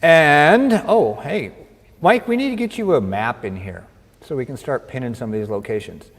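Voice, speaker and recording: A man's voice: medium pitch, animated, moderate pace, big-room sound. A man co-hosting a livestream in casual chat, upbeat, reading out viewer comments and joking. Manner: upbeat, reads out comments and jokes.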